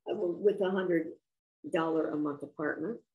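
An older woman, an author, telling a personal story in an interview in a reflective, earnest, unhurried way. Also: on the low side, narrow, tinny audio.

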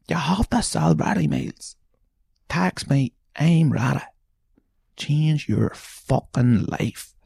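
A man imitating a pushy Irish salesman pitching ready meals, in a raised voice. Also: lively intonation, slow, vocal fry, long pauses, warm tone, husky, no room sound, studio quality, heavily acted.

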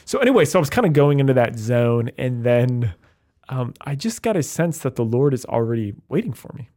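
A man who is a Catholic priest, chatting quickly and loosely about faith. He rushes along with lots of fillers and restarts, and his pitch sits in the middle of the range. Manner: fast, animated, many fillers. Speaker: Catholic priest, podcast co-host. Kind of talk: casual chat.

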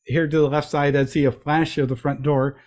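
A middle-aged man telling lively anecdotes as an interview guest, with frequent restarts and playful voices for quotes. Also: on the high side, fairly quick. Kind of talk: storytelling in a conversational interview.

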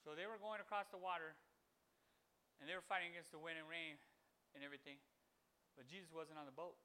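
High, bright-voiced man preaching casually. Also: fast talker, clear, resonant tone. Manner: animated, rambling with restarts, acts out quotes. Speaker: podcast host giving a devotional. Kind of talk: informal devotional teaching.

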